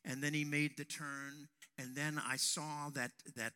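A man preaching a sermon to young men, telling a personal story and raising his voice to a shout at dramatic moments. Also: fairly high pitch, flat delivery, measured pace, smooth. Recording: long hall reverb.

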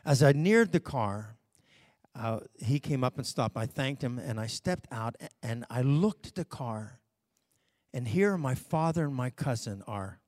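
A man preacher telling a personal story as a sermon testimony, in a folksy manner that swings from hushed to loud. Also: mid-range voice, lively intonation, measured pace, no echo, clean studio sound. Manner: folksy, with fillers and self-corrections.

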